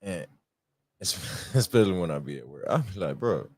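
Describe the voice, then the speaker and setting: A man's voice: low voice, very animated, fairly quick, a little mellow, slightly rough, no echo, studio quality. A man with a Southern US accent cohosting a podcast, laughing often and talking profane slang. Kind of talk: casual podcast chat.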